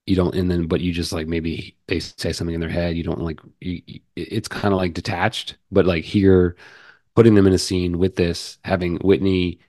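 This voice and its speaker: A man co-hosting a podcast, talking casually about a book in halting, rambling sentences. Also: sits low, little pitch movement, warm tone, dry recording, studio quality. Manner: rambling, halting, many restarts. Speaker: podcast co-host. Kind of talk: casual book review chat.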